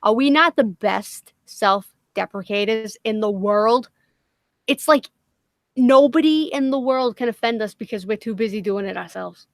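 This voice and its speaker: An unhurried woman with a slightly high voice hosts a casual livestream, and there's no echo. She has a Boston accent, comes from Massachusetts, swears all the time, and rambles while poking fun at herself.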